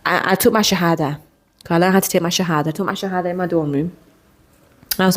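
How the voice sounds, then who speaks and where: A young adult woman hosting a podcast, telling a personal story in an earnest, emotional way with quick restarts and repeated words. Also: fairly low pitch, steady tone. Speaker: podcast host.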